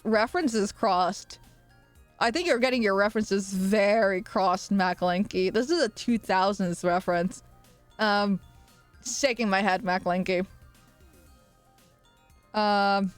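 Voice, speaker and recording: A woman's voice: mid-range voice, no echo. A young woman streaming live, chatting casually with viewers and reading their comments aloud, with a playful, teasing manner and frequent laughter.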